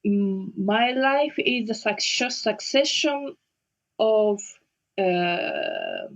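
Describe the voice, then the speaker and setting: A woman whose first language is Japanese, speaking slowly and hesitantly with many fillers as an interview guest. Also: medium pitch, wildly swooping pitch, vocal fry. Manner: slow and hesitant, frequent fillers and restarts. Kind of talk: casual interview conversation.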